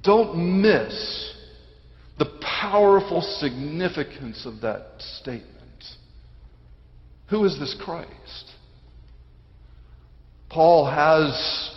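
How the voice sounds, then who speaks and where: High-voiced preacher guy going big then dropping to a hush, dull lo-fi sound with long church reverb. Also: expressive, drawn-out words, pauses often. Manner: dramatic preaching with sudden drops to a hush. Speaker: pastor. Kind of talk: sermon. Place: church sanctuary.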